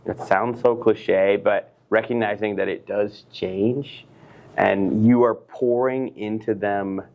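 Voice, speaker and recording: A man's voice: lowish voice, fairly even intonation, slow pace, vocal fry, lo-fi sound. A middle-aged man, a business professor, talking earnestly and expressively as a guest in a casual interview.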